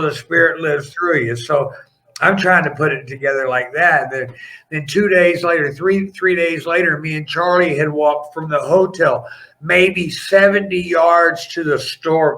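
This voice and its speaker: A middle-aged former wrestler tells his stories in an interview, animated and rambling, often breaking off to restart a sentence. His voice sits a little high for a man and has a bright, forceful edge. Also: measured pace, rough recording. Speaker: podcast guest, former pro wrestler. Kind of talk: storytelling in a casual interview.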